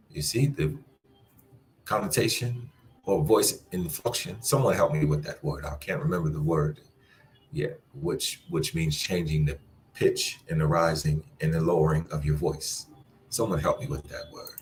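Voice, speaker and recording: A man teaching a language class, encouraging his students and repeating phrases slowly for them to practice. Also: rumbling low, a little hiss or hum. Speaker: Spanish teacher. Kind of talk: live online language class.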